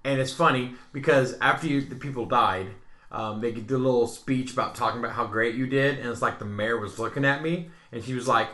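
A young man casually recounting a video game playthrough, animated and acting out the dialogue. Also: mid-range voice. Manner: animated, acts out dialogue in quick voices. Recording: echoey room.

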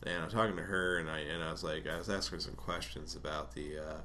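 A man's voice: low voice, fairly even intonation, fast talker, background noise. A man casually telling a rambling personal story, swearing often and laughing between lines.

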